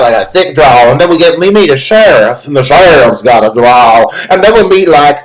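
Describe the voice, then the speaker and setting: A man's voice: mid-range voice, animated, normal speed, hardly any pauses, crowd noise, poor audio. A man co-hosting a film podcast, giving wry, joking commentary with casual swearing. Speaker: podcast co-host. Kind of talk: casual film review chat.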